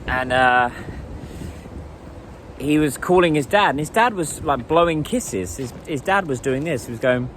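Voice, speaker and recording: A man's voice: fairly high pitch, animated, unhurried, fairly bright tone, a little hiss or hum. A man from England, talking casually and thoughtfully to the camera in a vlog. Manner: chatty and reflective, laughs while asking strangers questions in simple Mandarin. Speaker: vlogger.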